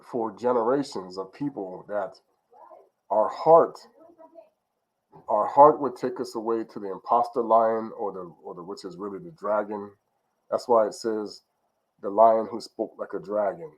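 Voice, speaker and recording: A man with a somewhat low-pitched voice gives an informal spiritual teaching. He rambles and restarts his sentences often, fills the gaps with "um" and "you know", and keeps checking in with his listeners. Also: a little slow, pauses often, rough recording. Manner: rambling, with many fillers and restarts, ending lines with okay?.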